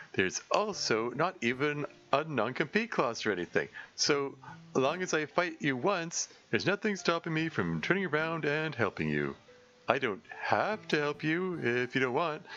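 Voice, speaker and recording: A man's voice: on the high side, pushed and bright, lo-fi sound, pitched above the performer's own voice. A man doing a meek, apologetic monster. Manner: meek, pleading, over-apologetic. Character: timid apologetic monster cave guard, gentle male.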